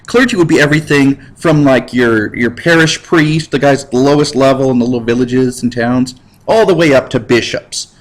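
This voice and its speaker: A man teaching history in a casual, slangy lecture over slides, cracking jokes and putting on quick voices for the people he describes. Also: medium pitch, poor audio. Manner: slangy, jokey, animated with put-on voices. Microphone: computer mic while drawing with a mouse.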